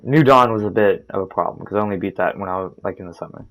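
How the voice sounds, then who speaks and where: A man's voice: sits low, rapid-fire, fairly bright tone, low-quality recording. A teenage boy telling a rambling, profane story over gameplay, restarting his sentences often. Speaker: gaming storytime narrator.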